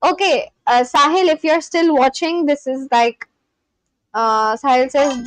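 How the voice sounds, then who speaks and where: On a casual live stream, a language-learning woman from Kolkata, West Bengal, India voices phrases and then gives their translations. She has a high-pitched, unhurried voice, and the rough recording has no echo.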